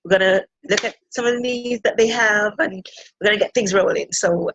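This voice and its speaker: Jamaican woman chatting, breathy husky voice, bubbly and laughing a lot, dry close sound. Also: mid-range voice, a little fast, no echo, dull audio. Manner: warm, laughing and effusive. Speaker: conference organizer. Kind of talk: casual conversation.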